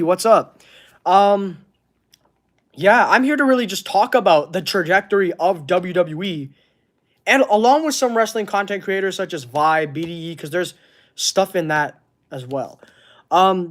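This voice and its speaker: A man's voice: high-pitched, fairly bright tone. A man chats on a live stream, reading out viewer comments. He talks earnestly, stopping and restarting as he hunts for the right words. It sounds like a streaming mic at his desk. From Canada. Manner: halting, searching for words, earnest. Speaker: wrestling channel host. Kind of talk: casual livestream chat reading comments.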